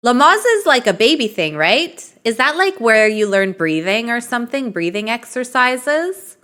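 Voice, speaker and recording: Woman streamer, chatty live game commentary, reads options aloud, tired, bright sharp tone. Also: a little high, big pitch swings, unhurried, smooth.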